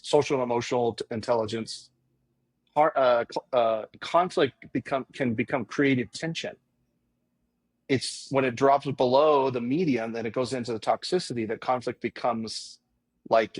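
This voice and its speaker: A man's voice: mid-range voice, breathy edge. A man hosting an interview, thinking aloud with restarts and encouraging his guest. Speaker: podcast host. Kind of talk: interview conversation.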